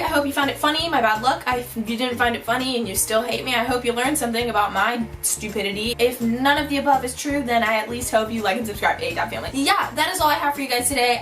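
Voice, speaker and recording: A young woman telling a storytime vlog, bubbly and animated, saying "like" constantly. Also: a little high, fast, few pauses, soft background music, rough recording. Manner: bubbly, animated, heavy use of "like". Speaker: vlogger.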